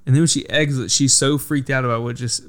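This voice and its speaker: A man's voice: medium pitch, fairly even intonation, fast talker. A young man hosting a podcast, telling a long story in a rambling casual way, full of "like" and swearing. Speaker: podcast host. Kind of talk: casual chat.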